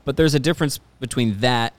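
A man co-hosting a sports podcast, talking in a halting way with many restarts. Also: medium pitch, dry recording. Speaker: podcast co-host. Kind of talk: casual sports podcast chat. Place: studio.

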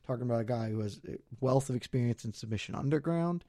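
A man's voice: mid-range voice, fast, mellow, no room sound, studio quality. A man co-hosting a sports betting podcast, talking loosely and poking fun at himself as he walks through his wagers. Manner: loose, rambling, self-deprecating. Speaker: podcast co-host. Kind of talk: casual betting podcast chat.

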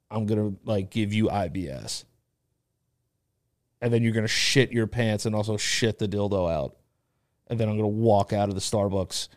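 A man's voice: fairly low pitch, a little mellow, no room sound, clean studio sound. Crude man co-hosting a podcast. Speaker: podcast co-host. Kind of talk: casual comedy chat.

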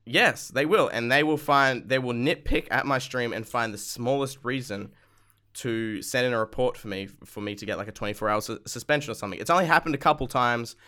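Bright, smooth-voiced podcast co-host man. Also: medium pitch. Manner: rambling, halting. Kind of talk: casual podcast chat.

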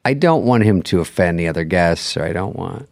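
Low-voiced man telling stories. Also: fairly quick, creaky, no room sound. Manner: animated storytelling, acts out quotes. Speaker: late-night host, guest. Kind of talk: casual podcast chat.

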